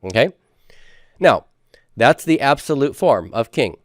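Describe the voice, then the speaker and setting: A man's voice: medium pitch, sing-song, unhurried, no echo, studio quality. A man giving a classroom lecture, asking his students questions and answering them himself. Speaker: professor.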